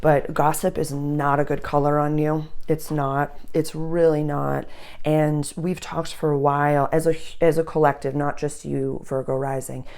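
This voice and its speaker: A woman's voice: low-pitched, flat delivery, unhurried, darkish tone. A woman astrologer giving a casual, chatty reading for the signs, loose and full of fillers.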